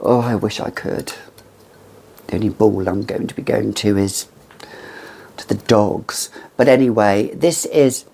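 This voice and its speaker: A woman in her fifties talks through her perfume collection to camera, unhurried and lingering over her words. Her voice carries a gravelly, creaky edge, and she slips into theatrical, gushing asides as she goes. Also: very deep voice, dark tone. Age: 50s. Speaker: fragrance reviewer. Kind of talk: casual chat to camera.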